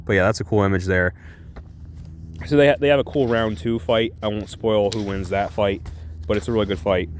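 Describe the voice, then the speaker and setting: A man's voice: fairly low pitch, fairly quick, a little hiss or hum. A man giving a casual, rambling and enthusiastic comic book review.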